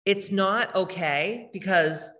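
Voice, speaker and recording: A woman's voice: mid-range voice, slow, fairly bright tone, in a large hall. A woman spiritual healer hosting a live meditation, talking casually and bluntly with lots of swearing as she reads chat comments. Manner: blunt, profane, emphatic.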